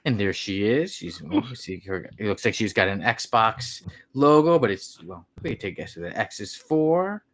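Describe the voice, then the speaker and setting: A man co-hosting a casual comic book podcast, describing panels with a relaxed, playful delivery. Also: on the low side, normal speed. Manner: reads panels aloud with playful quoted voices. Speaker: podcast co-host.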